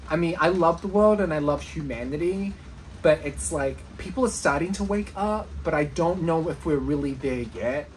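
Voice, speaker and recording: A woman vlogger chatting casually, enthusiastic and excitable, giggling often. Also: deep voice, slight background noise. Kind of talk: casual vlog chat.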